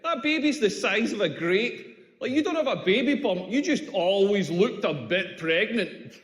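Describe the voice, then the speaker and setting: A man's voice: high voice, lively intonation, normal speed, a bit bright. A Scottish man doing a stand-up comedy set, ranting with sardonic exasperation and mocking the people he quotes. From Scotland. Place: comedy club stage. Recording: echoey club room with long reverb.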